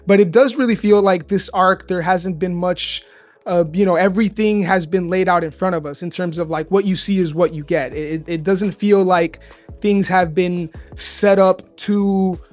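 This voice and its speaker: A man's voice: high voice, steady tone, moderate pace, soft background music. A man co-hosting a podcast, talking in a casual, rambling way and correcting himself as he goes. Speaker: podcast co-host. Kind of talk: casual chat.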